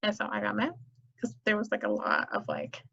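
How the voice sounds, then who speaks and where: A woman's voice: mid-range voice, huge pitch swings, brisk, vocal fry, pushed and bright. A woman hosting a casual solo podcast, chatty and telling stories with many fillers. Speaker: podcast host. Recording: dull lo-fi recording.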